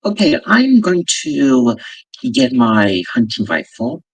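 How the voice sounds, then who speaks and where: A man playing in a tabletop game, speaking in a halting way with lots of fillers. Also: mid-range voice, huge pitch swings, vocal fry, no room sound, far from the mic, low-quality recording. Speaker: player.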